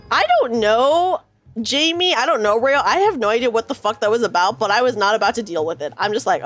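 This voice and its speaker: A woman's voice: fairly high pitch, expressive, fairly quick, a bit bright, soft background music. A woman in her thirties chatting with her stream viewers from her room, telling a rambling story full of fillers and swearing now and then. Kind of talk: casual chat with live viewers.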